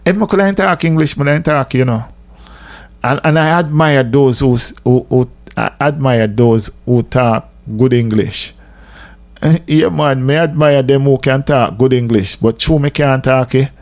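A man's voice: mid-range voice, unhurried. Jamaican man chatting on radio. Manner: mixes patois and English, emphatic, repetitive. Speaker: radio host. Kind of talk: casual radio monologue.

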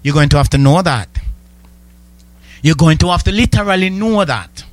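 A man preaching a sermon, building rhythmic, repeated declarations that swell toward shouting. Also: fairly high pitch, animated, normal speed, no echo.

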